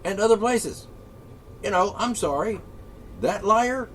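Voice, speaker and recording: A man delivering an angry, profane solo rant, sarcastic and swinging between shouting and muttering. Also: high voice, animated, a little slow, a little hiss or hum. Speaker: political commentator.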